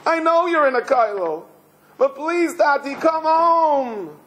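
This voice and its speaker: A small boy begging his father to come home, as a man puts on his voice. The voice rises high and childlike, soft and clinging, and it sits well above the speaker's own pitch. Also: expressive, slow, exaggerated voice. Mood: pleading.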